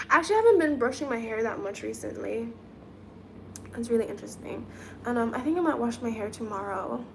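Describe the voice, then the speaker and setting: A chatty woman with a fairly high voice hosts a relaxed live stream. She giggles and thinks out loud while doing her nails, with a faint hum of room noise behind her. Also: fairly quick. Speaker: livestream host reading chat. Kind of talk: casual live-stream chat.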